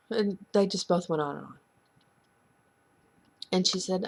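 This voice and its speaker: A woman earnestly sharing a painful personal story in a halting, confessional way. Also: fairly low pitch, husky. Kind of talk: heartfelt personal testimony.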